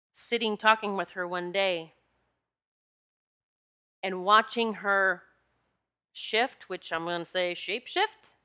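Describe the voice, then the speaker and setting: With a medium-pitched voice that is bright and forceful, a woman who works as a spiritual energy practitioner shares a personal story in a relaxed way. She comes across as animated and confiding, talking straight to her audience.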